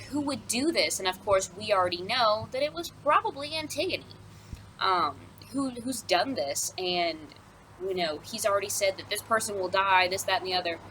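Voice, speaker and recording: Chatty and rambling, a young female high school English teacher explains a play in a casual recorded lesson, dropping in lots of ums and asides. Her medium-pitched voice sounds pushed and bright. It's a low-quality recording with a bit of hiss or hum.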